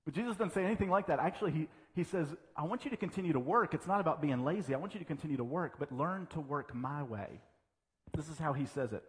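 A man's voice: on the high side, fairly quick. A man preaching a sermon as pastor, mixing humorous stories and self-deprecating asides into his teaching. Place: church sanctuary. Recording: church hall reverb.

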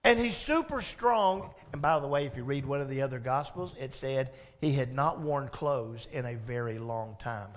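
A pastor preaching a sermon, telling the story with animated energy, asking the congregation questions and laughing along. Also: male voice, medium pitch, normal speed, few pauses.

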